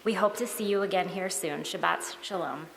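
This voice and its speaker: A woman reading congregation announcements and congratulations in a clear, scripted delivery. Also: fairly low pitch, moderate pace, noisy background. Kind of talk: read announcements. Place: synagogue sanctuary. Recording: long reverb of a large hall.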